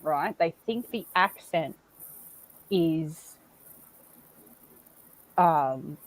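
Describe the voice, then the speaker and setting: A woman's voice: sits low, animated, extremely slow, low-quality recording. A woman from Australia with an Australian accent, chatting as a panelist in a blunt, laid-back way. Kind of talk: casual chat.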